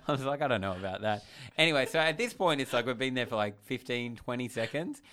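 A man's voice: mid-range voice, brisk. A man, co-hosting a casual chat and telling a story with acted-out quotes and frequent laughter. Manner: animated storyteller, acts out quotes, laughs often. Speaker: podcast co-host.

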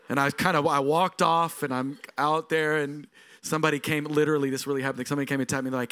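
A middle-aged man, a lead pastor, preaching a sermon in a storytelling way that moves from quiet moments to emphatic passages. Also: a little high, flat delivery, fast talker, smooth.

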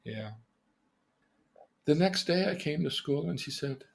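A man's voice: on the high side, expressive, unhurried, creaky. A man teaching about emotional independence by telling theatrical stories, exclaiming and then questioning his listener. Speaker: therapist and teacher. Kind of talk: animated storytelling lesson.

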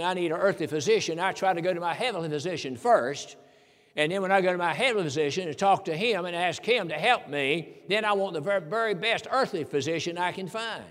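An older male preacher with a notably high voice delivers an earnest sermon, driving his points home by repeating key phrases. His words ring out with a long reverb, as in a large church hall. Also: a bit bright.

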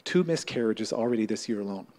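A man voicing a grieving woman who speaks softly about a very hard year. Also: on the low side, animated, quick pace, pitched below the performer's own voice, lightly acted. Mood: sorrowful. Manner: soft, heavy, hushed. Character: grieving, anxious woman neighbor. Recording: long hall reverb.

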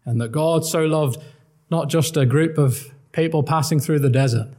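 Male preacher, somewhat high voice, earnest and emphatic gospel sermon delivery. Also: normal speed, a little mellow. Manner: earnest, emphatic preaching, quoting old-style scripture.

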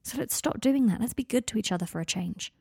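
A woman's voice: on the high side, expressive, fast, vocal fry, dark tone, breathy edge, dry recording, clean studio sound, heavily acted. Woman voicing exasperated young wizard Harry. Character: frustrated lovesick young man, Harry.

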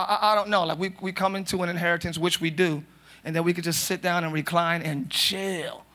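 A man preaching a live sermon as pastor, talking to the congregation in a loose, joking way and breaking into loud shouts. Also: high voice. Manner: conversational, jokey, bursts into shouts. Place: church sanctuary.

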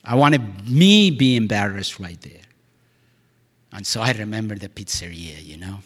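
A man rambling through a heartfelt personal monologue, veering from excited outbursts to hushed, near-whispered lines, with frequent laughs and exclamations. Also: lowish voice, normal speed, in a large hall. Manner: laughs often, sighs and exclaims.

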